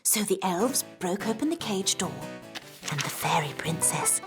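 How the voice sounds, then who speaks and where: A woman voicing a gentle, motherly fairy queen in a children's cartoon, who tells a bedtime-style story. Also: fairly low pitch, lively intonation, moderate pace, music in the background, lightly acted.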